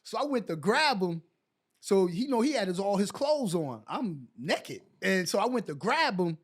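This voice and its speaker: A man in his forties from New York, a guest on a podcast, telling animated stories full of "like" and "so". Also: high-pitched, moderate pace. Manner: lively anecdotes packed with "like" and "so". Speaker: guest, former pro basketball player. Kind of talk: animated storytelling in a podcast chat.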